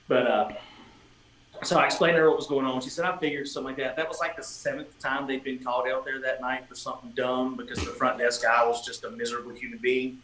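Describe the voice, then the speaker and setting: A man's voice: medium pitch, steady tone, fast talker, a bit bright. A man casually telling a long story on a livestream, swearing freely and acting out what people said. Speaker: guest musician. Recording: echoey room with faint ambient noise.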